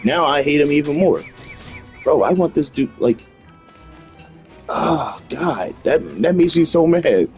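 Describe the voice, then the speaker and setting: A man's voice: fairly high pitch, expressive, unhurried, pauses often, a little mellow, soft background music. A man chatting casually while playing a video game, ranting in a repetitive, slangy way. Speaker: gaming video host.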